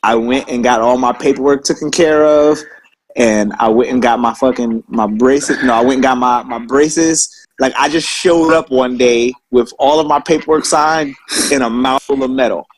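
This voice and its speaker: A man's voice: medium pitch, normal speed, rough recording. A man telling old service stories in casual, profane chat, swearing constantly and sounding indignant. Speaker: Marine veteran telling stories.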